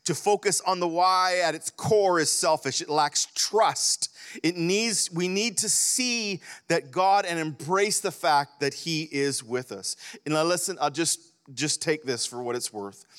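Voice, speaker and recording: A man preaching a sermon as a pastor, impassioned, rising to loud emphasis and dropping to hushed near-whispers. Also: a little high, smooth. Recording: reverberant hall.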